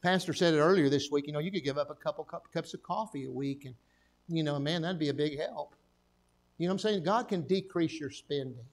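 A man's voice: on the high side, a little fast. An older man, a pastor preaching a folksy sermon and telling stories with jokes and asides. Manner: folksy, joking storyteller with frequent asides.

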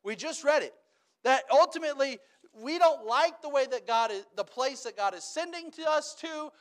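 A man preaching a sermon as pastor, animated, dropping to a hush and then rising loud. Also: extremely high pitch, normal speed. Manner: swings between hushed and loud, animated.

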